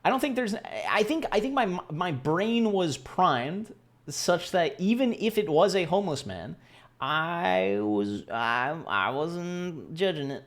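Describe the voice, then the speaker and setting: A man's voice: on the high side, very animated, takes it slowly. A young man casually telling a story to camera in a rambling, self-deprecating way, acting out the voices of the people he quotes. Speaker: vlogger.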